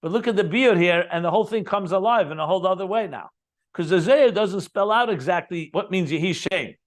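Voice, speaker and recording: A man's voice: sits high, animated, a little fast. A man teaching a Chassidic text, explaining it line by line, repeating key terms and adding enthusiastic asides. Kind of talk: Talmudic-style text study lesson.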